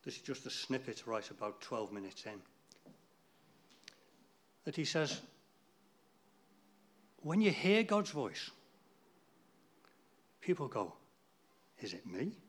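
A man's voice: mid-range voice, very animated, slow, long pauses, fairly bright tone. A man giving an informal, rambling talk to a church group, chatty and losing his place now and then.

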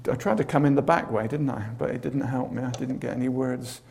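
A man's voice: medium pitch, a little fast, vocal fry. A man preaching a sermon, telling stories with dramatic flair and humorous asides. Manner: animated storytelling with humorous asides.

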